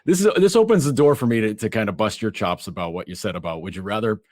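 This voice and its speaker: A man's voice: lowish voice, quick pace, no room sound. Guy rambling about football on a podcast, voice jumps all over, dry close mic. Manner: animated, acts out quotes, many restarts. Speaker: guest writer and podcaster. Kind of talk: casual sports chat.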